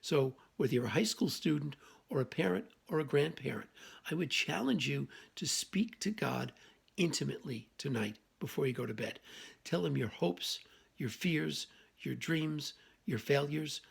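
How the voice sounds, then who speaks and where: A man giving a short daily reflection as a campus minister, telling a joke and then gently urging listeners to pray from the heart. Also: a little high, lively intonation, moderate pace, vocal fry, slightly rough. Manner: folksy joke-telling then earnest exhortation.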